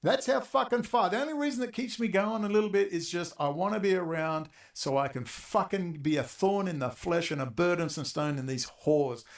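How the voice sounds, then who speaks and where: A man ranting angrily on a talk show, profane and exasperated, talking in rapid bursts. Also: fairly high pitch. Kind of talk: angry political rant.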